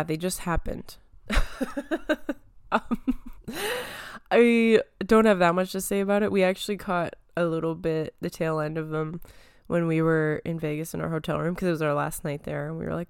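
At a moderate pace, a young woman rambles about TV and film news on her podcast, peppered with fillers and little laughs. The close, dry recording has no room sound and catches her smooth, slightly low voice and its trace of phlegm.

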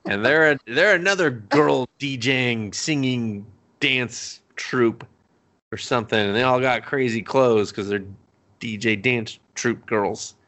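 A man's voice: mid-range voice, a little slow, sharp tone. A young man co-hosting a podcast, casually recapping an anime episode in a rambling, profane way, laughing often. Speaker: podcast co-host.

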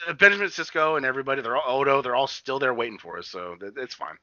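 A man talks quickly with a lot of swing in his pitch, his voice bright and sharp. He jokes and swears freely as a casual podcast co-host. The sound is dry and somewhat lo-fi. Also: dry recording. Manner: excitable, joking, swears a lot, calls his friend buddy. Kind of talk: casual chat.

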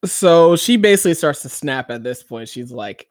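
A man chatting casually about a TV episode, his voice sitting a little high for a man. He tells the story with animated energy and breaks into loud excited cheers. The sound is dry and close, with no room around it. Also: normal speed, dry recording. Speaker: podcast co-host. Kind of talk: casual chat recapping a TV episode.

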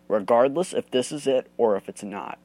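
A man's voice: medium pitch, moderate pace, dark tone. A man from the United States hosting a solo podcast, ranting angrily and swearing a lot. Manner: profane, heated ranting. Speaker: host.

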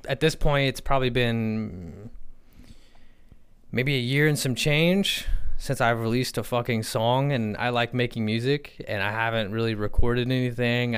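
A man's voice: mid-range voice, clean tone. A young man co-hosting a podcast in casual chat, telling stories with quoted dialogue and a lot of swearing. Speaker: podcast co-host.

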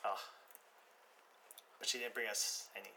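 A man's voice: on the low side, flat delivery, a little slow, gravelly, bright, forceful tone, a little hiss or hum. A man in casual chat with friends, joking and teasing, swearing freely.

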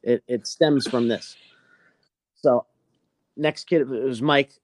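A man's voice: medium pitch, takes it slowly. A young man hosting a podcast, telling a story in casual chat, swearing a lot. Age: young adult. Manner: profane, animated storytelling. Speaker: podcast host.

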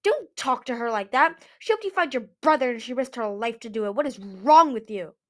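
A woman's voice: a little high, lively intonation, fairly quick, close to an everyday voice. A woman voicing a loyal young male dragon who speaks up eagerly for his friends. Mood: protective.

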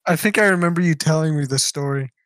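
A man's voice: on the high side, fast, fairly bright tone, no room sound, studio quality. A young man co-hosting a casual podcast, teasing and prodding others to talk. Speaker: podcast co-host. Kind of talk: casual chat.

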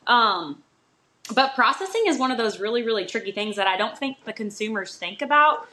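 A woman hosting a casual interview, bubbly and quick to jump in. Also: on the high side, animated, pushed and bright.

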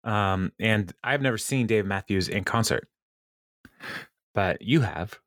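Male podcast host, low register, dry close sound, relaxed and giggly. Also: slow pace, no echo. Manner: laughs often, lots of ums, reads out quotes. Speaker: podcast host recapping episodes. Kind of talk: casual chat.

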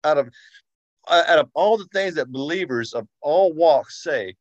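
Talk as an emphatic man, dry and a bit muffled, mid pitch. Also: animated, moderate pace, no echo. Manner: emphatic, repeats himself, says y'all. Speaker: study group member. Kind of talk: casual group discussion. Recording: dry, dull sound.

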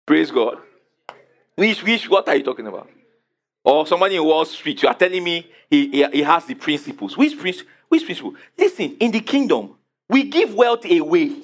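High, lively pastor preaching. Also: male voice, moderate pace. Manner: emphatic, repeats questions to the congregation. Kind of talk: sermon.

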